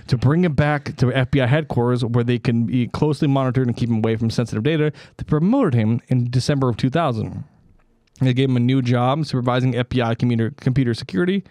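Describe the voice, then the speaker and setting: A man's voice: mid-range voice, fast, mellow, no echo, studio quality. Casual man telling a story on a podcast. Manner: stumbling over names, joking asides. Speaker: podcast co-host.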